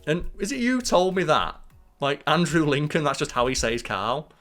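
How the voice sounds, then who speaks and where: A man co-hosting a podcast, chatting casually with animated, swear-flecked storytelling. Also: fairly high pitch, normal speed, soft background music. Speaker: podcast co-host. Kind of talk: casual chat.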